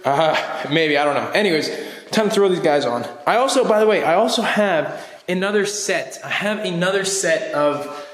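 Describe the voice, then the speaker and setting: A man vlogging casually in a garage, hoarse and scratchy while recovering from a cold, rambling with fillers and restarts. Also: high voice, expressive, moderate pace. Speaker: car vlogger host. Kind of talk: casual how-to vlog. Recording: echoey garage with long reverb.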